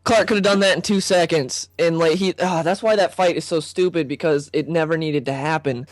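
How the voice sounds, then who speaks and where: A fairly high-voiced man hosts a casual film debate, opinionated and quick to act out quoted lines in a higher voice. His voice sounds dry and close, with no room around it. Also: steady tone, dry recording. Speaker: host.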